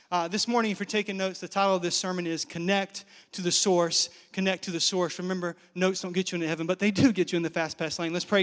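A man in his thirties from Nigeria, a pastor preaching a lively, joking sermon to a live congregation. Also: sits high, fast talker. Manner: lively, joking, engages the crowd. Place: large hall with live congregation. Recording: reverberant church hall.

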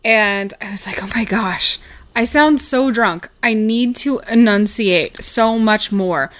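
A woman's voice: on the high side, slow pace. A woman, co-hosting a podcast in casual, giggly chat. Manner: giggly, chatty. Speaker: podcast co-host.

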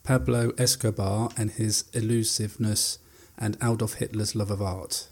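A man's voice: fairly low pitch, level tone, normal speed, darkish tone. A man reading out film trivia and chatting, a little hesitant. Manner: hesitant, with fillers. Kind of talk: reading out trivia, casual chat.

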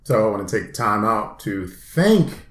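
A man's voice: on the low side, big pitch swings, measured pace, fairly bright tone. A man co-hosting a podcast, steadily running the segments in casual chat. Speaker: podcast co-host. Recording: roomy podcast recording.

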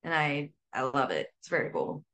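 A woman talking casually as a sober coach guest, lively, full of fillers and acted-out quotes. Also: low-pitched, moderate pace, a crowd in the background. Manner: animated, says "like" often, acts out quotes. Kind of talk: casual interview talk.

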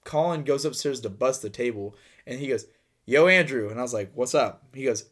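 A man's voice: mid-range voice, fairly quick. A young man co-hosting a podcast tells a story casually. He rambles and swears freely. He fills his talk with "like" and acts out what everyone said. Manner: rambling, profane, many fillers, acts out dialogue. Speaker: podcast co-host.

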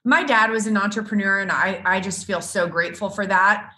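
A middle-aged woman guest and business coach, telling stories in an animated way and laughing often. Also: mid-range voice, brisk. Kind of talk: casual interview chat.

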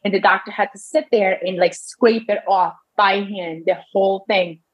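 A woman's voice: medium pitch, steady tone, normal speed, rough recording. A woman in her thirties telling her own medical story in casual talk, often restarting and quoting doctors in her own voice. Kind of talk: personal storytelling.

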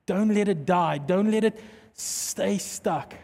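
A pastor preaching a sermon with emphatic delivery that drops to soft, intense tones when he prays. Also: sits high, slow pace, vocal fry. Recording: hall reverb.

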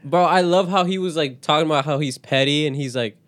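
Male co-host, easygoing storyteller who laughs a lot and does quick voices. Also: a little high. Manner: animated storyteller, slips into impressions, laughs often. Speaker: podcast co-host. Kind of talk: casual chat.

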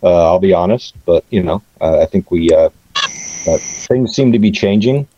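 A very low, mellow male voice answers interview questions, stopping often on uhs and repeated words. The sound is dry and dull, like a lo-fi line. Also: expressive, normal speed, a little hiss or hum. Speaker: band member guest.

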